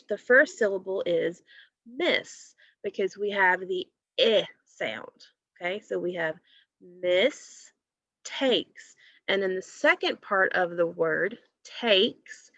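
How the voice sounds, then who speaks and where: A woman teacher giving a recorded phonics lesson to children, explaining patiently and clearly. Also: medium pitch, fairly bright tone, no echo. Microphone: computer mic while screen sharing. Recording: dull lo-fi recording.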